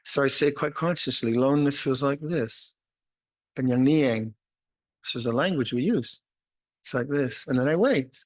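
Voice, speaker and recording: An older monastic teacher with a mid-range voice gives an unhurried, reflective dharma talk in a retreat meditation hall. Along with meditation instructions, he often restarts his phrases and adds touches of gentle humor.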